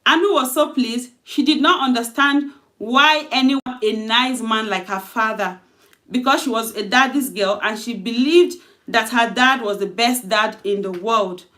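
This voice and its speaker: Woman, fairly high voice, informal storyteller reading her own tale, chatty and unpolished, restarts lines. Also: unhurried, pushed and bright. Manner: loose, conversational retelling with self-corrections.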